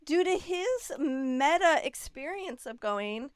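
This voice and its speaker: A woman with a high, bright voice and wide, lively swings in pitch, animated and expressive. She often slips into quoted dialogue as she talks. The sound is close and dry. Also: normal speed, dry recording. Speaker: guest, relationship and leadership mentor. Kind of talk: casual conversational interview.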